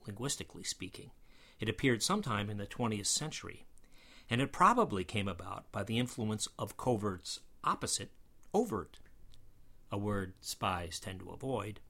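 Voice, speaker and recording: A man with a fairly low voice narrates a scripted lesson on how words are pronounced. His pitch rises and falls freely as he leans hard on the words he is explaining. His delivery has a dry, wry humor. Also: a bit bright. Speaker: pronunciation lecturer.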